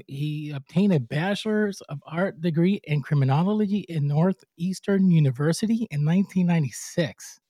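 A man's voice: on the high side, dark tone, no echo, clean studio sound. A man hosting an interview show, chatting casually, laughing often and stumbling when reading from notes. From United States. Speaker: podcast host.

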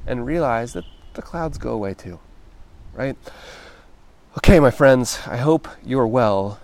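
A man hosting a solo podcast, speaking in a gentle, reflective, encouraging way and often checking in with "right?". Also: medium pitch, sing-song, unhurried, pauses often. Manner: conversational, often ends thoughts with "right?". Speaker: podcast host.

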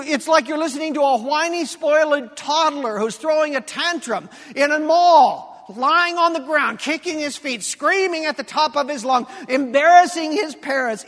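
A male pastor preaching a sermon with animated, emphatic delivery and pointed repetition. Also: very high voice, a little slow, long reverb tail.

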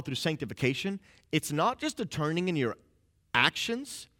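Brief: young man, casual sermon, animated pitch, slightly high, lots of "like", quick character asides. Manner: casual, conversational preaching with frequent "like"; acts out inner voices in quick asides. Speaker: pastor.

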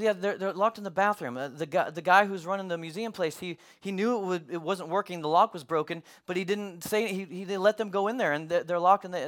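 A man in his thirties, a pastor, telling a lively personal story as the opening of a sermon, animated and emphatic. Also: a little high.

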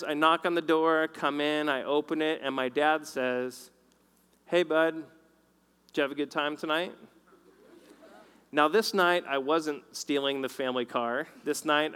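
A man preaching a sermon and telling a personal story, swinging between loud and hushed delivery. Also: mid-range voice, clear, resonant tone. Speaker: pastor. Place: large hall with long reverb. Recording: reverberant hall recording.

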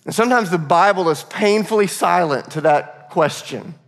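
A man's voice: sits high, moderate pace, vocal fry, big-room sound. A male pastor preaching a sermon in a conversational, earnest way, often restarting his phrases.

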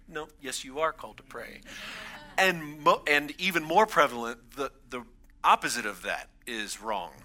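A man's voice: a little high, big pitch swings, normal speed, pushed and bright. A man in his thirties, a pastor, gives a conversational sermon in a church and builds emphasis on his key points.

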